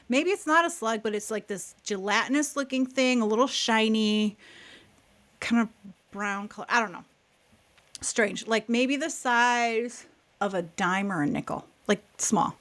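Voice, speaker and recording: A woman's voice: fairly high pitch, unhurried, fairly bright tone. A woman co-hosting a podcast, telling a childhood story in casual chat, acting out quotes and laughing often. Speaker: podcast co-host.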